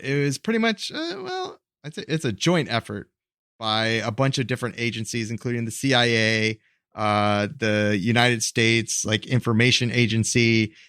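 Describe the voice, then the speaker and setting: A man co-hosting a podcast, explaining history in a halting, rambling way full of fillers. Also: medium pitch, a bit bright, dry recording, clean studio sound. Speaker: podcast co-host.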